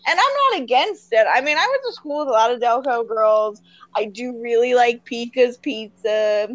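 With a slightly high voice at normal speed, a woman from around Philadelphia co-hosts a podcast, though the audio is dull. She keeps the conversation casual and lively, leaning heavily on fillers like "like."

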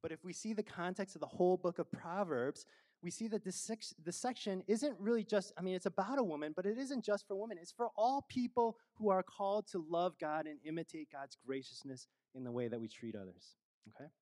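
A man's voice: high voice, fairly quick, warm tone. Casual, chatty middle-aged male preacher. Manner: conversational, self-deprecating, laughs often, many fillers. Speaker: pastor. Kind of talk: sermon.

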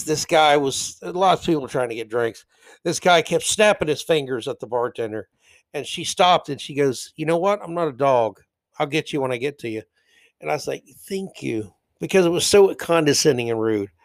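A man's voice: medium pitch, no room sound. A man hosting a podcast, talking in a brash, mocking, swaggering way about his bartending work. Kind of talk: opinionated podcast monologue.

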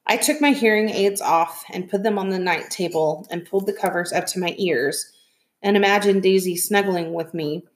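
A woman reading a novel aloud in soft, steady storytelling. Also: mid-range voice, moderate pace. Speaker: reader.

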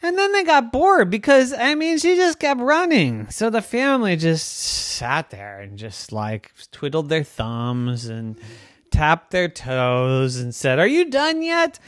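Animated bedtime storyteller, sing-song and playful, very lively pitch, dry close sound. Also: slow, no echo.

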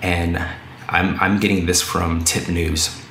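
A man's voice: deep voice, little pitch movement, takes it slowly, a bit bright. A man hosting a podcast, reading news articles aloud and commenting on them in a conversational way. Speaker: podcast host. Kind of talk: casual commentary. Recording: echoey room, faint noise.

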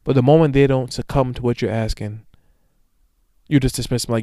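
Young man, solo podcast host, slangy and profane, rambling storyteller, smooth resonant voice, dry close sound. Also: medium pitch, steady tone, a little fast, long pauses, warm tone, no room sound. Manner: slangy, profane, rambling storytelling with repeated "you know what I'm saying". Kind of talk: casual solo podcast monologue.

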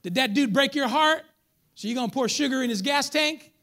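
A pastor with a very high-pitched voice preaches a little fast in a lively church sermon. Animated throughout, he mimics his congregants and jokes with the crowd.

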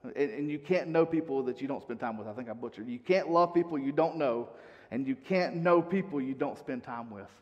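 A man's voice: mid-range voice, fairly quick, darkish tone, big-room sound, muffled recording. A male pastor giving a sermon in a conversational way, reading scripture aloud.

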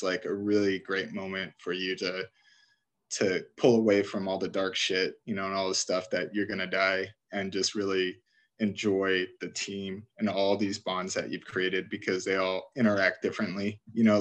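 A man's voice: on the low side, normal speed. A man chatting casually about a video game he loves, rambling through favorite scenes and laughing as he retells them.

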